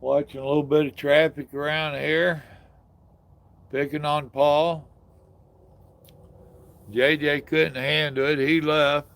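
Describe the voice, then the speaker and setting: A man's voice: fairly high pitch, level tone, slow pace, gravelly, long pauses, fairly bright tone. An older man hosting a casual live stream outdoors, chatting with viewers in a folksy, drawling way. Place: outdoors in the evening.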